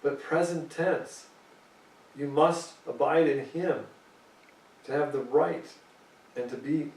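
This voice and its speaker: A man's voice: fairly high pitch, slow, vocal fry, darkish tone, reverberant, distant mic, rough recording. A man preaching a sermon, reading scripture aloud and pressing his points emphatically.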